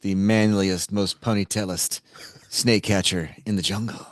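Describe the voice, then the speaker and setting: A man's voice: on the low side, steady tone, a little slow, no room sound. A man co-hosting a podcast in casual chat, wry and analytical with a dry sense of humor. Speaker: podcast co-host.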